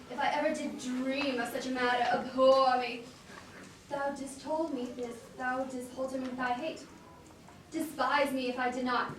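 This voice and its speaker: Woman doing a scheming bitter soldier, Shakespeare reading, high voice, sharp outbursts, very echoey room, distant mic. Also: a little hiss or hum, lightly acted. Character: bitter scheming male soldier, resentful and sly. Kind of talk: amateur Shakespeare stage reading. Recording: echoey room picked up from afar.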